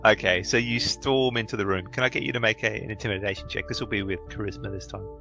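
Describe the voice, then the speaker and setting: A man narrating as game master for a tabletop game, relaxed and full of fillers. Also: fairly low pitch, fast talker, dull audio, over music.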